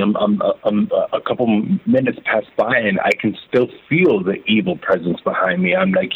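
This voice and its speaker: A man telling his own story as an interview guest, halting and repeating words as he recounts it. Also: lowish voice, a little hiss or hum. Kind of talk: emotional first-person testimony. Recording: phone-like narrow band.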